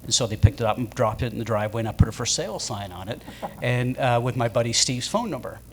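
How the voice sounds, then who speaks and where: A man's voice: medium pitch, expressive, fast talker, a little hiss or hum. A man telling casual anecdotes as a guest at a live show in a pub, rambling, with many fillers.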